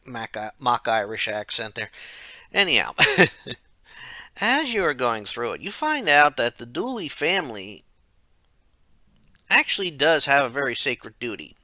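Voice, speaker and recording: A man's voice: medium pitch, very animated, measured pace, pauses often, bright, forceful tone, no echo. A man narrating a casual game retrospective, rambling, correcting himself and dropping wry asides. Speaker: game reviewer.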